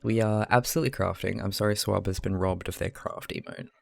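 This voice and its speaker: A man's voice: sits low, fairly quick, creaky. An Australian man who streams live, talking casually and chattily to his chat while he crafts, rambling a little, laughing often and swearing freely.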